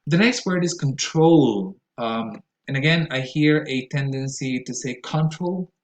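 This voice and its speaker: A man's voice: medium pitch, a little slow. Man, pronunciation teacher, lecture style, repeats words, echoey room. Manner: explanatory, repeats words for emphasis. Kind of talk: classroom lecture.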